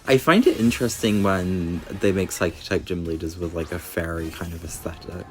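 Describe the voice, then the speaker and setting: A man's voice: low voice, lively intonation, a little fast, few pauses, husky, soft background music. A young man giving wry, chatty gameplay commentary. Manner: wry, chatty, laughs at the game. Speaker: game commentator.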